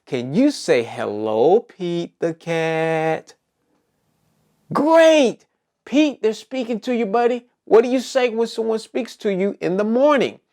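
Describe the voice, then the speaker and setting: A man's voice: high voice, sing-song, a little slow, few pauses, darkish tone. A man hosting a preschool circle time lesson, cheerfully asking young children and puppets questions.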